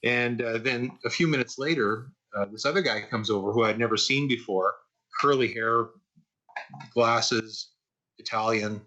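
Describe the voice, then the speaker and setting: A man in his sixties tells stories from his working life in a relaxed, rambling way. He talks at an ordinary middle pitch with a bright, forward tone and plenty of fillers. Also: measured pace, highs cut off. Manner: relaxed anecdotal, frequent "uh" and repeats. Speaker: guest, animation artist. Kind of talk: casual storytelling in a podcast interview.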